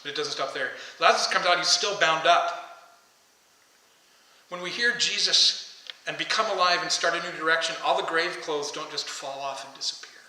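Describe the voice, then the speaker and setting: A man delivers an impassioned sermon from the pulpit, and his voice sits a little high and sounds strikingly bright. The church around him is roomy and echoey, so every line hangs in the air. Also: normal speed, far from the mic. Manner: impassioned, shouting the calls to come out. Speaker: pastor. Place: church sanctuary.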